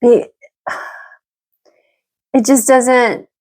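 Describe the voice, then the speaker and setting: A woman's voice: on the high side, fairly even intonation, extremely slow, a little mellow. A middle-aged woman venting frankly and emotionally to camera as she gets ready, swearing freely. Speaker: vlogger. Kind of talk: candid talk to camera while getting ready.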